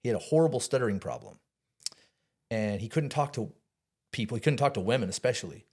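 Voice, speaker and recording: A man in a casual interview, spinning a long personal story. He gets animated, swears freely and trips over his words as he goes, his voice at an ordinary middle pitch. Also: quick pace, breathy edge. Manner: animated, swears, laughs, restarts often. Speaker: podcast guest.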